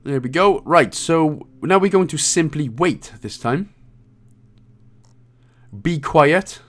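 A man's voice: on the high side, lively intonation, takes it slowly, fairly bright tone. A man giving casual, jokey walkthrough commentary on a game, now and then reading out lines in put-on voices. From Wales. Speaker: game guide creator.

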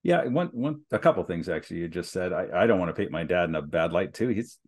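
Podcast guest, man, low voice, measured and thoughtful delivery. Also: expressive, darkish tone. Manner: measured and reflective, with some restarts. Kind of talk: reflective conversation.

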